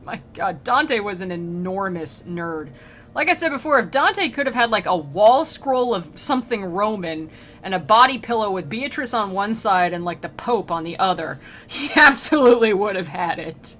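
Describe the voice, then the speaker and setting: A woman streamer rambles through a comedic retelling of a classic poem with sarcastic asides. She talks in an animated, offhand way. Faint noise runs underneath her voice. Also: medium pitch, moderate pace.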